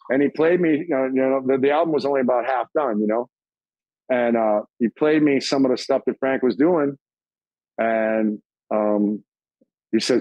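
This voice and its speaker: A middle-aged man telling stories as an interview guest, casual and profane, acting out quoted voices in a higher pitch. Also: moderate pace, no room sound, dull audio.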